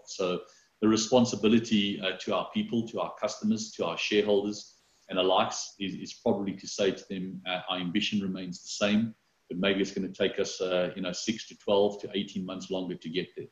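A man with a very low, flat voice talks haltingly, full of fillers and restarts, as an interviewee. He comes through a video call that sounds roomy and dull. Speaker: company executive interviewed.

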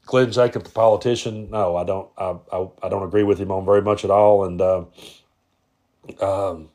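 A man's voice: low voice, steady tone, normal speed, warm tone. A man, hosting a podcast and answering listener questions in a casual, rambling way full of "uh"s and restarts. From Appalachian Kentucky-Tennessee border. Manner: rambling, frequent "uh" and repeats. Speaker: podcast host.

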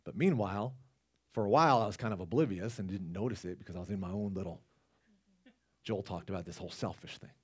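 A man's voice: low voice, fast, husky. A man preaching a casual, conversational sermon, rambling with restarts and asides to the congregation. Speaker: lay preacher.

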